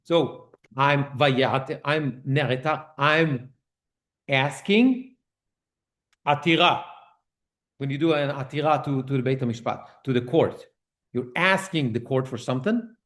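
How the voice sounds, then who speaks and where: A man with a fairly high pitch teaches about prayer in a synagogue class, explaining each term in turn in a conversational way. He regularly asks "okay?" and restarts phrases as he translates.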